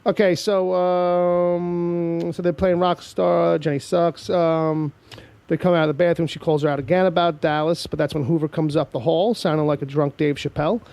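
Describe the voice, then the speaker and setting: A man's voice: fairly high pitch, level tone, normal speed, a little mellow, no echo. A man hosting a casual TV recap podcast, rambling with lots of fillers and acting out the scenes he describes. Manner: rambling, fills with "um" and "like", acts out scenes. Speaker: podcast host.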